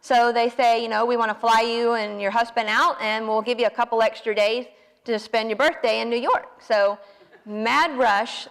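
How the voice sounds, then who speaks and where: Southern woman, late twenties, folksy animated storyteller, somewhat high voice, long hall reverb. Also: moderate pace. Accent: Southern American. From American South. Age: 20s. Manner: folksy, animated, self-deprecating. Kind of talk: personal story told to an audience.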